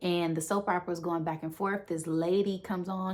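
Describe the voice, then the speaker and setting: A woman's voice: fairly low pitch, little pitch movement, a little fast, hardly any pauses, darkish tone. A woman giving a casual, rambling movie recap with lots of fillers. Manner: rambling, with many fillers and acted-out quotes. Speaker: movie reviewer.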